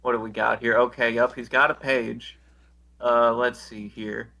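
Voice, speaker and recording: Podcast co-host, male, gravelly and bright-toned, deadpan profane recap delivery. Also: medium pitch, measured pace. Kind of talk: casual chat.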